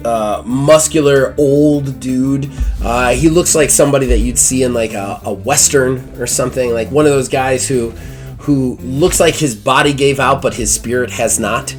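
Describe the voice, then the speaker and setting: A man's voice: mid-range voice, a little slow, soft background music. Rambling tabletop game master man. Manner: casual, rambling, many fillers.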